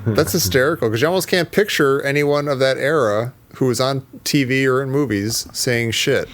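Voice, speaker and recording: A man co-hosting a podcast, reacting quickly and quoting others in a mocking voice. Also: mid-range voice. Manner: animated, quick reactions, quotes people in mock voices. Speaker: podcast co-host. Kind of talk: casual chat.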